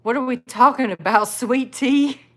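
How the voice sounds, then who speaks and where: A woman's voice: sits high, unhurried, fairly bright tone. A woman with a Southern US accent chatting casually and bluntly on a live stream, full of "like" and "you know". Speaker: live streamer reacting to videos and chat.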